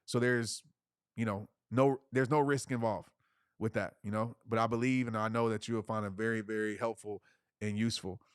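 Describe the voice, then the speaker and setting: A man's voice: lowish voice, fairly even intonation, normal speed, clean tone, no echo. Punchy, dry-miked male motivational speaker. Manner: preachy, punchy repetition, slangy. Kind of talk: live webinar talk.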